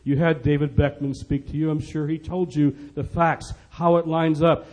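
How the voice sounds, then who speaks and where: A middle-aged man preaching an impassioned sermon, pressing his points with repetition and loud emphasis. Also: fairly high pitch, level tone, normal speed, hardly any pauses. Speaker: preacher speaking on poverty. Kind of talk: sermon-style speech.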